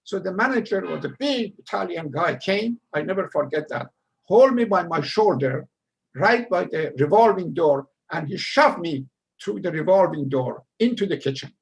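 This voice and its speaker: A man's voice: sits high, expressive, moderate pace, creaky, slightly rough. An older man from Iran, telling his immigrant story in a rambling, humorous way. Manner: rambling, humorous, laughs at himself. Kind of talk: casual storytelling talk.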